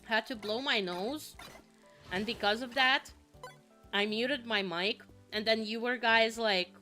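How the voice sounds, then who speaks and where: A woman's voice: fairly high pitch, unhurried, pushed and bright, faint music behind. A young woman from Finland chatting casually while streaming a game, rambling with lots of fillers and a slight sniffle. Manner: rambling, chatty, with frequent fillers and sudden swearing. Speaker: vtuber streamer. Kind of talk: casual gaming stream chat.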